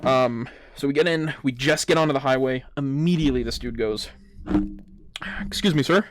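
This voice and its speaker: A man's voice: medium pitch, a little fast, a little hiss or hum. Swearing young man rambling while gaming. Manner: rambling, heavy swearing, lots of fillers. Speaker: gaming vlogger.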